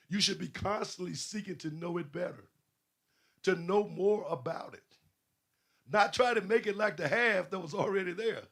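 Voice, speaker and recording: A man's voice: sits high, fairly bright tone, slightly rough. A man preaching a sermon, questioning his listeners and building emphasis. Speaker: pastor.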